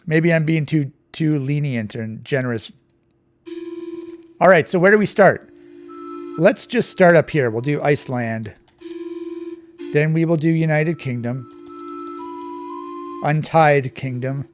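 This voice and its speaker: A man's voice: on the high side, lively intonation, unhurried, pauses often, soft background music. A man giving casual, digressive commentary while playing a map quiz, thinking aloud as he goes. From Canada. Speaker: quiz channel host.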